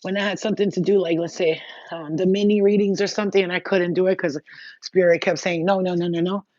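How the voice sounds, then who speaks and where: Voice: medium pitch, fairly even intonation, fast, darkish tone, a little hiss or hum. Blunt, profane tarot reader, dull lo-fi sound. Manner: chatty, addresses viewers directly. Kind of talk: casual spiritual advice talk.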